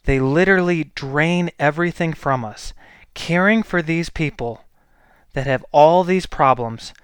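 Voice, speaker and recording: A man who works as a healthcare provider delivers a blunt, exasperated monologue, pressing each point hard. His voice sits a little high and sounds smooth and resonant. The recording is dry and close, with no room echo. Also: a bit bright. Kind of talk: opinion monologue.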